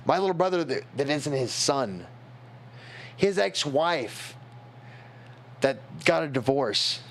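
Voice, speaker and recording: A young man on a stream telling a personal story, tipsy, rambling and halting, growing emotional. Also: a little high, lively intonation, a little hiss or hum.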